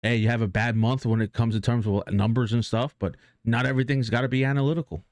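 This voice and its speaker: A man's voice: mid-range voice, fairly even intonation, fast talker, darkish tone, dry recording, studio quality. A man streaming live who talks casually and earnestly about motivation, rambling with many restarts and fillers and swearing now and then.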